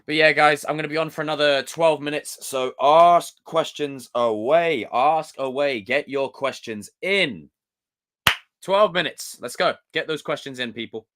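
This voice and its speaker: A man hosting a livestream, reading viewer comments aloud in a loose, excitable, joking way with some swearing. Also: fairly high pitch, unhurried. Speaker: livestream host.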